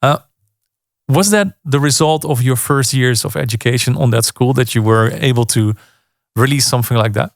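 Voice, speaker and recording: Gravelly-voiced male radio host. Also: mid-range voice, normal speed, dry recording, clean studio sound. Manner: friendly, frequent backchannel agreement. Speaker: radio show host interviewing. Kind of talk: casual radio interview.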